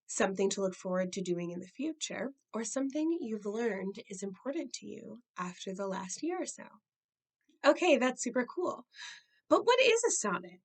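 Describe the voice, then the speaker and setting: A woman hosts an educational program about poetry. Her delivery is clear and measured, and she slows down when she reads verse aloud. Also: medium pitch, low-quality recording. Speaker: educational show host. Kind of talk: scripted narration and poetry reading.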